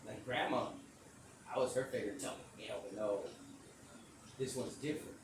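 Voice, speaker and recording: A middle-aged man hosting a podcast, telling a long story in a loose, slangy way with plenty of cursing and acting out quotes in a high voice. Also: normal speed, distant mic. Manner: animated, acts out quotes in a high voice. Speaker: podcast host. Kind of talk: casual storytelling monologue. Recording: echoey room, voice off-mic, audible noise.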